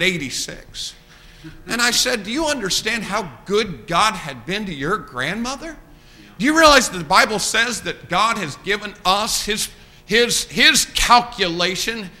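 A man's voice: sits high, pushed and bright. A man preaching a sermon, repeating key lines and swelling suddenly in volume.

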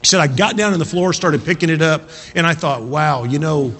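Emphatic preacher man, high-ish voice. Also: brisk. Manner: emphatic storytelling preaching, swinging from loud exhortation to quiet narration. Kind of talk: sermon.

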